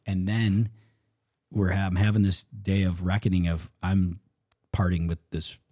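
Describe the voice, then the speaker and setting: Low-voiced middle-aged guy on a podcast, dry mic sound, tells it animated with voices. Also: unhurried, no room sound. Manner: animated, acts out dialogue, swings between low and high. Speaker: podcast guest, real estate coach. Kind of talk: casual storytelling.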